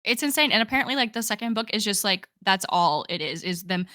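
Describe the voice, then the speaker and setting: Young female podcast co-host, bright and chatty, dry recording. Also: medium pitch, lively intonation, quick pace, no echo. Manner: chatty, enthusiastic, many "like"s. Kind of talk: casual chat.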